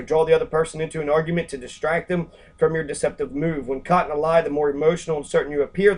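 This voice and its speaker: A man's voice: a little high, darkish tone. A man reading a book passage aloud and commenting on it casually, rambling and swearing, with many fillers. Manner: acts out quoted characters in brief voices.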